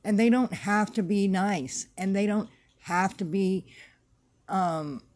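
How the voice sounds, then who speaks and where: A woman's voice: medium pitch, slow, darkish tone. A woman vlogger ranting to camera in a casual, blunt and emphatic way, repeating her points. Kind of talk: casual opinion rant to camera.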